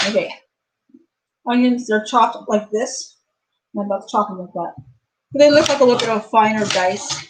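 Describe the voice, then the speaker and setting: A woman with a somewhat high voice chats casually through a live cooking stream. She narrates each step out loud, talking half to her viewers and half to herself while she works in a home kitchen. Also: moderate pace, long pauses, background noise. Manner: chatty, talks to herself while cooking, sings and playfully whines. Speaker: cooking channel host.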